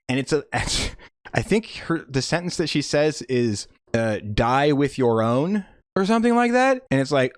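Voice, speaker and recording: A young man giving a profane, sarcastic comedic movie recap, slipping in quick mock voices for the characters. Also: medium pitch, big pitch swings, no room sound, clean studio sound. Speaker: movie reviewer.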